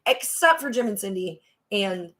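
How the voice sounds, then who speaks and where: A woman's voice: mid-range voice, animated, moderate pace, bright, forceful tone. A woman co-hosting a podcast in casual recap chat. She is chatty and rants with mock exasperation. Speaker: podcast co-host.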